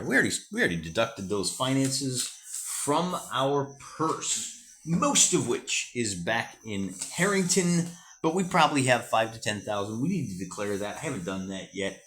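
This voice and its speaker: An American man talks through a solo wargame in a relaxed, rambling way, thinking aloud and often correcting himself. His pitch rises and falls with lively energy, sitting in an ordinary middle register. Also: slight background noise. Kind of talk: casual narrated solo wargame session.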